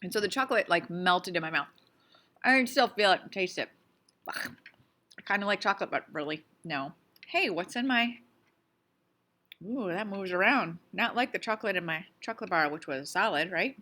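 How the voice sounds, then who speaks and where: A woman's voice: medium pitch, expressive, moderate pace, long pauses, bright, forceful tone. A woman teaching a casual science lesson on video, playful and chatty, asking lots of questions and sometimes talking with her mouth full. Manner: talks with her mouth full while eating.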